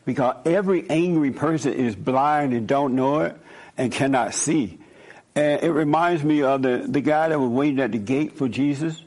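A man's voice: mid-range voice, moderate pace, a little mellow. A man hosting a call-in talk show, preaching emphatically and repeating his points. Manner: emphatic, repeats points, chuckles while telling stories. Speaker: host.

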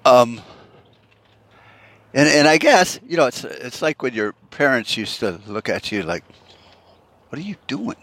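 A man's voice: medium pitch, lively intonation, measured pace, pauses often, fairly bright tone. A man hosting a solo podcast rant, profane and rambling, full of fillers and restarts. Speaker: podcast host.

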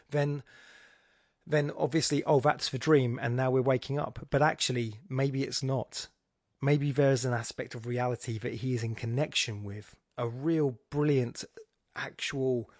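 A man's voice: mid-range voice, dry recording, clean studio sound. A man hosting a podcast, analysing a poem aloud in a musing, discursive way with wry, self-mocking asides. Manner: musing, thinking aloud with frequent restarts. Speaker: podcast host. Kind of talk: spoken poetry analysis.

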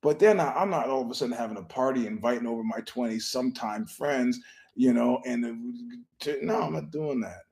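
This podcast host tells stories in a casual, rambling monologue: profane, meandering, full of restarts, and kept quiet so a nearby filming isn't disturbed. He's brisk, with a medium-pitched, creaky, darkish voice.

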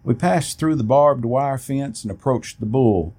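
A man reading a first-person story aloud in a plain, steady way, with an occasional restart. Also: mid-range voice, measured pace, husky.

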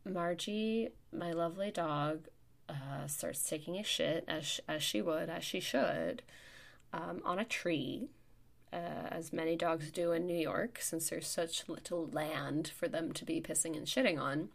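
A woman podcast host telling a story in casual chat, getting louder and more worked up as she goes. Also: measured pace, gravelly. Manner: animated, gets louder and higher as the story heats up. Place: New York.

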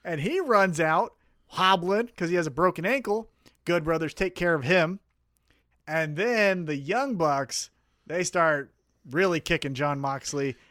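Fairly high-pitched and unhurried, this male podcast co-host is recorded dry in studio quality. In relaxed banter he swears a lot and brings his stories to life by performing the quotes.

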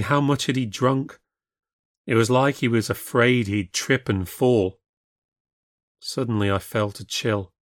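A man giving scripted narration of a ghost story, reading in a measured, steady way. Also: on the low side, dry recording, clean studio sound.

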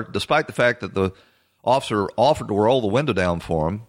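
A man hosting a political commentary show, talking bluntly and assertively in a halting way with frequent fillers and restarts. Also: fairly low pitch, lively intonation. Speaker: host.

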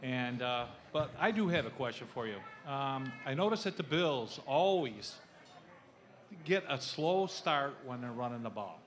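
A man's voice: medium pitch, lively intonation, unhurried, fairly bright tone. Hesitant man asking a question. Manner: hesitant, many "uh"s. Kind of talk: question from the audience. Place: restaurant during a live show.

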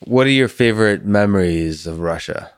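A man's voice: on the low side, animated, moderate pace, clean tone, no echo, studio quality. A man hosting an interview, musing thoughtfully and asking questions. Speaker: podcast host. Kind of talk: casual interview conversation.

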